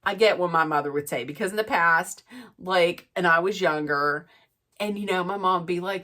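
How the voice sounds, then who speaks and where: A middle-aged woman chatting through a gossipy, animated recap of a reality show. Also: mid-range voice, moderate pace. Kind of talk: casual recap chat.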